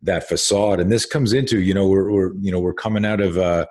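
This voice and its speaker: A man with a deep, husky voice hosts a loose conversation and talks in long, rambling stretches. He circles back on himself with lots of restarts and fillers, and he swears freely as he tells his stories. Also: steady tone, brisk, darkish tone. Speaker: host. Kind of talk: casual conversation.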